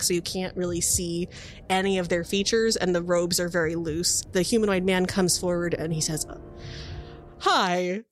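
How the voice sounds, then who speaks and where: A woman's voice: on the low side, slight background noise. A woman narrating a tabletop game as game master, casual and joking. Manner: casual, laughing, quick asides.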